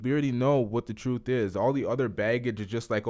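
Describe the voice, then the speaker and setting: A man's voice: medium pitch, steady tone, fast talker, few pauses, a little mellow. A man hosting a podcast, giving blunt, profane, offhand reaction commentary. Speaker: podcast host.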